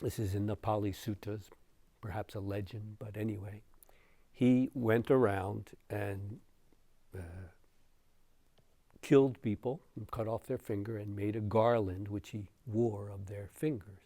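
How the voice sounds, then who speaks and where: Slow, unhurried male meditation teacher. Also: on the low side, steady tone, dry recording. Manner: slow, storytelling, with soft chuckles. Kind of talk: dharma talk.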